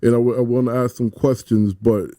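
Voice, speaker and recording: A man's voice: medium pitch, steady tone, fairly quick, warm tone, no room sound. A man hosting a radio interview, eager and stammering, laughing easily. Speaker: radio host.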